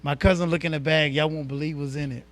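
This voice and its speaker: Man, talk show co-host, animated storyteller, slightly high voice. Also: quick pace.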